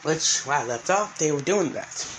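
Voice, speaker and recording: A man's voice: a little high, lively intonation, moderate pace, background noise. A man narrating an improvised story, rambling along with many restarts and fillers.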